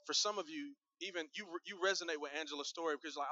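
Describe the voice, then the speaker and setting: A man's voice: on the high side, fast talker, few pauses, sharp tone, dry recording, lo-fi sound. A male pastor preaching a sermon in a conversational, humorous storytelling manner, speaking directly to his congregation.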